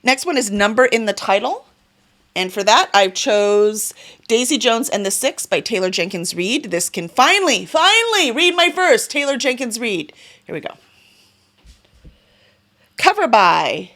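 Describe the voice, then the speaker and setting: A woman chats enthusiastically in a casual vlog about the books she plans to read, using fillers and making small self-corrections. She's a book vlogger and publisher, and her voice is a little high, a bit bright, very animated and a little slow.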